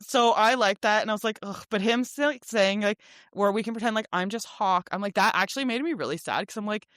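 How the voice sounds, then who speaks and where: Female co-host, casual animated book chat, lots of fillers, dry close sound. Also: mid-range voice, brisk, dry recording. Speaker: podcast co-host.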